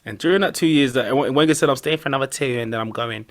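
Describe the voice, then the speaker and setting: A young man, chatting casually as a podcast co-host, animated and full of slang. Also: medium pitch, very fast. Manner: animated, slangy banter with laughs. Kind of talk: casual chat.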